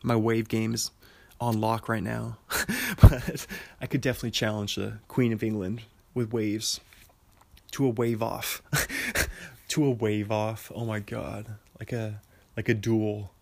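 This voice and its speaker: A man's voice: fairly low pitch, fairly even intonation, a little slow, creaky, darkish tone. A young man from Washington State talking in a casual, rambling monologue, full of fillers and frequent laughter at his own jokes. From Washington State, USA. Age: young adult. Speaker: monologue talker.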